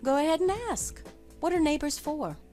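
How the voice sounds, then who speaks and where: A woman voicing a friendly, nosy female neighbor in a video game, chatty and gently prying. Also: high voice, lively intonation, moderate pace, soft background music. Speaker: game character voice.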